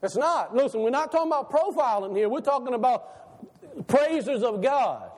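High-voiced preacher in an echoing church. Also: male voice, normal speed. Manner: animated preaching, rhetorical questions, laughs between lines. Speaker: pastor. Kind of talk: sermon. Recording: long hall reverb.

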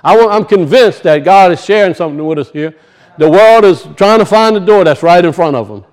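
Cajun male preacher, high voice, folksy and emphatic, quizzes his flock. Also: animated, a little fast, a little mellow. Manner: emphatic, questions the congregation, folksy dialect grammar. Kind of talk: sermon.

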